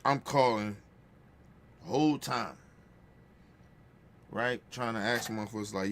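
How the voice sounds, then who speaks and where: A man's voice: on the low side, steady tone, moderate pace, pauses often, a little hiss or hum. A man telling a casual, profane family story, checking in with the listener by often asking "right?". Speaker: podcast host.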